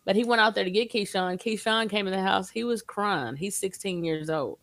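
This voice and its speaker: A woman, a guest telling her story in a casual, animated way. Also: mid-range voice, moderate pace, no room sound.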